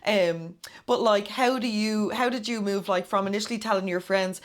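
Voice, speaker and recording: A woman hosts a relaxed chat podcast. She asks questions in a rambling, informal way. She backs her guest up with frequent, encouraging interjections. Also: mid-range voice, normal speed. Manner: chatty, encouraging, lots of affirming interjections. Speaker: podcast host.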